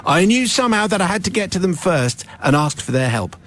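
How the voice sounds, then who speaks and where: A middle-aged man hosts a radio show and reads a listener's letter aloud with lively storytelling. His voice sits a little high for a man. A faint music bed plays under him. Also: fairly quick. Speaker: radio host.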